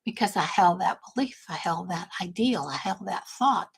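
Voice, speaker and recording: A woman's voice: lowish voice, lively intonation, moderate pace, creaky, husky, rough recording. An older woman from Texas, a grandmother, hosting a casual livestream and chatting to viewers in a rambling, self-correcting way. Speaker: livestream host and business coach.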